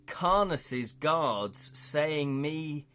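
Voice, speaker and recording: A man voicing a simple-minded, friendly male hobgoblin who speaks in broken, halting sentences. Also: a little high, lively intonation, a bit bright, smooth, full character voice. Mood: earnest. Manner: broken pidgin grammar, slow halting delivery.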